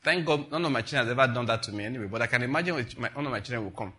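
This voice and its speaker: A middle-aged man, preaching a sermon as a pastor in an animated, conversational way. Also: mid-range voice, rapid-fire. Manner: animated and conversational, acting out dialogues.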